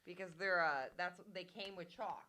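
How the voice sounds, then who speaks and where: Bright-toned woman co-host, soft and offhand. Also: on the low side, moderate pace. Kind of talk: casual radio banter.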